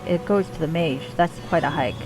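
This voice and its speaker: A woman's voice: low voice, moderate pace, lightly acted, rough recording. Woman doing a mad rhyming cultist man. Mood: sing-song. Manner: speaks in singsong rhymes with broken grammar. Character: mad rhyming male cultist, broken grammar.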